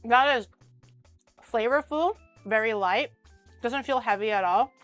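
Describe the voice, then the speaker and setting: A woman's voice: a little high, a little slow, a bit bright, dry recording, soft background music. A woman streamer chatting casually while tasting food she cooked, bubbly and talkative. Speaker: streamer host. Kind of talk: casual chat while eating.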